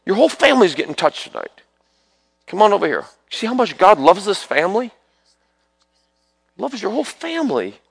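A man's voice: high-pitched, very animated, moderate pace, vocal fry, long pauses, slightly rough, no echo. A man preaching at an altar call, calling people forward and praying over them in sudden fervent bursts. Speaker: preacher leading prayer ministry.

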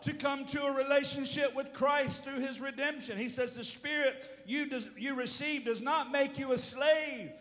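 High-pitched pastor preaching in a hall. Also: male voice. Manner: swings from low asides to shouted calls; calls on the congregation. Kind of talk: sermon. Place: church hall. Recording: reverberant hall.

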